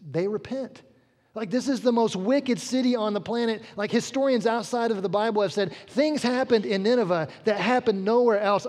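Man preaching, high voice, chatty storytelling, long hall reverb. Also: a little mellow. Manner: conversational storytelling, acting out quotes. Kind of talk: sermon.

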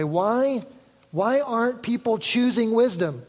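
A man preaching a sermon in a high, light voice. He talks conversationally and draws the congregation in with jokes. His voice carries a long reverb from a large church hall. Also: normal speed, darkish tone. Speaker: pastor.

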